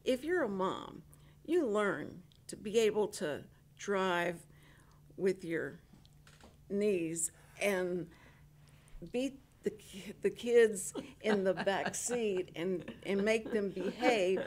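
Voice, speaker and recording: This is an older woman hosting a community radio talk show. She tells animated stories and often restarts herself. Her voice sits at an ordinary middle pitch. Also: takes it slowly. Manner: chatty, animated storyteller with many restarts. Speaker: radio host. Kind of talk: casual radio interview.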